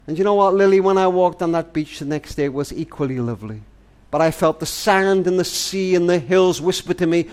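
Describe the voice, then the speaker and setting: Older guy, gentle grandpa talk, earnest and kinda high-voiced. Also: animated, a little fast, few pauses. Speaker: family charity speaker. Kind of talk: heartfelt spoken monologue to a granddaughter.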